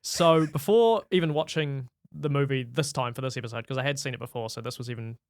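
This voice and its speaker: A male podcast co-host at a middling pitch, recorded dry and close with no room around him. He keeps a wry, steady tone in casual chat and drives the talk with questions. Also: fast, no room sound. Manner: wry, steady, prompts the discussion.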